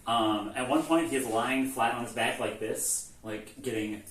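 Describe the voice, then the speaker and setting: Recapping a video game series, this male host talks casually at a moderate pace in a medium-pitched, slightly bright voice, with slight background noise. He rambles, leans on "like," swears a lot, and performs the characters' lines. Faint ambience fills an echoey room, and he sits well back from the mic.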